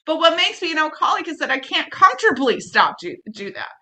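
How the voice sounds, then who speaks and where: A woman's voice: high-pitched, big pitch swings, quick pace, pushed and bright. A middle-aged woman telling her recovery story in a blunt, profane, self-mocking way, acting out the people she quotes. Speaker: speaker sharing recovery story. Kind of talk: candid personal story talk.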